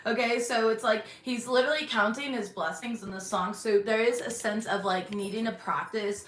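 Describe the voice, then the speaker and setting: A woman hosting her channel from her bedroom, giving a casual intuitive tarot reading, chatty with many "um"s and throat-clearings. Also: fairly high pitch, steady tone, moderate pace. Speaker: tarot reader and channel host. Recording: echoey bedroom, faint background hum.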